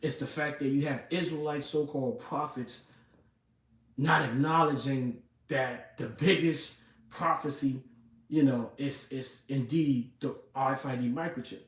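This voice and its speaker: Speaking a little slowly in a steady, medium-pitched voice, this preacher reads scripture and talks it through informally, often turning to his audience with "man" and "you know what I'm saying." The mic sits far off in an echoey room.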